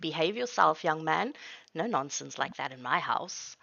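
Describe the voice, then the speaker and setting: A woman's voice: deep voice, lively intonation, normal speed, gravelly, pushed and bright, lo-fi sound, full character voice. A woman voicing a friendly but prim old widow in a tabletop game, fussy and easily scandalised. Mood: scolding.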